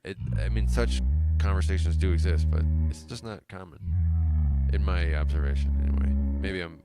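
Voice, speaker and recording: A lower-voiced man chats casually with his stream audience, reading out their comments and wandering off into long musings. He often breaks off and restarts his sentences as thoughts come to him. Loud synthesizer music plays under his voice throughout. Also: moderate pace. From United States. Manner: musing, rambling, self-interrupting. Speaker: livestream host. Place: home music studio.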